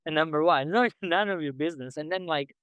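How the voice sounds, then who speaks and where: A man hosting a podcast interview, speaking as an in a halting way full of restarts and fillers. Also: fairly high pitch, fairly bright tone, smooth, no echo, lo-fi sound. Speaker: podcast host. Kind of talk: conversational interview.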